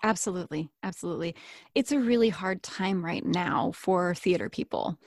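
A woman's voice: lowish voice, normal speed, darkish tone, no echo, studio quality. A woman chatting casually as a podcast guest, laughing often. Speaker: guest, accent impressionist.

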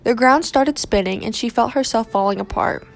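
Woman narrating with gravelly voice. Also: on the high side. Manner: steady, measured narration. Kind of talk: audiobook reading of a romance novel.

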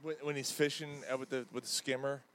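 A man's voice: mid-range voice, fast talker. A man in his thirties co-hosting a casual podcast, telling stories with lots of swearing. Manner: swearing, animated storytelling. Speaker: podcast co-host. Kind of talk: casual sports chat.

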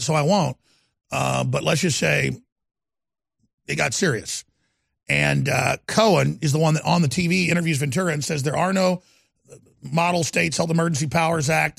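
A middle-aged man hosting a talk show, ranting about politics with sneering, loud bursts of emphasis. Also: gravelly, no room sound, clean studio sound. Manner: fast product pitching.

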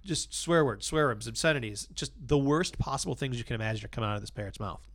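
Gravelly man telling a rambling joke. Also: mid-range voice, fast. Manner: rambling, animated storyteller with restarts. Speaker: podcast host.

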